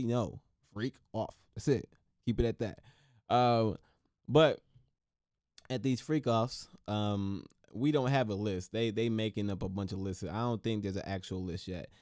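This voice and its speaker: Low-voiced man on a dry podcast mic. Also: no room sound. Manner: animated, repetitive, joking, slangy. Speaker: podcast host. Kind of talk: casual commentary.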